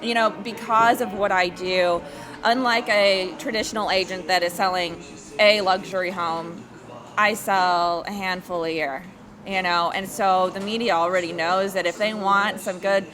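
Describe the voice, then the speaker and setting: A woman's voice: mid-range voice, measured pace, over music. A woman who sells luxury homes, chatting in an interview and acting out quotes as she tells stories. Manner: animated storyteller, acts out quotes. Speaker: luxury real estate agent. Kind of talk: casual interview chat.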